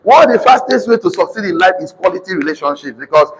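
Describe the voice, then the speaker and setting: A man with a Nigerian accent preaching to a live congregation, calling for responses and slowly repeating key lines for notes. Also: high-pitched, expressive, husky. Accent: Nigerian English. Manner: sudden shouted emphasis. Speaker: motivational preacher. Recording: reverberant hall.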